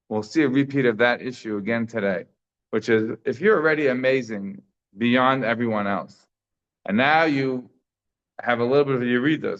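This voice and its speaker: A man's voice: mid-range voice, normal speed, fairly bright tone. A man giving a daily Talmud class in a conversational way, thinking aloud with frequent restarts. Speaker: Talmud teacher. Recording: slightly dull lo-fi sound.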